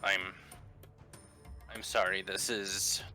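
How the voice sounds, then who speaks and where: A man's voice: low-pitched, flat delivery, slow, bright, forceful tone, faint music behind, full character voice. Man voicing a polite, reserved ex-prisoner.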